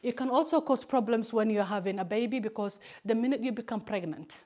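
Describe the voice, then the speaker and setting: A woman whose first language is Somali, giving a lively personal talk to students as a campaigner, telling stories animatedly. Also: on the high side, brisk, highs cut off. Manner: animated storytelling, acts out family members' voices.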